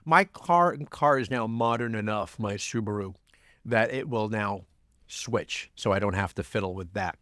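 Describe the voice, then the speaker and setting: A man's voice: lowish voice, a little slow, fairly bright tone, no echo, studio quality. A man co-hosting a casual podcast, playfully reading a listener's email aloud. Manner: playful, reads with a mock folksy lilt. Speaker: podcast co-host.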